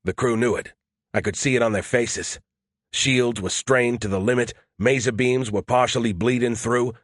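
Male audiobook narrator, first person, steady and tense, dry recording. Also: mid-range voice, dry recording.

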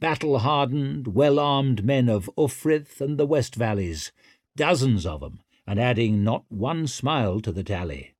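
A man narrating an audiobook in a wry, expressive storytelling manner. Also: mid-range voice, unhurried, no echo, clean studio sound.

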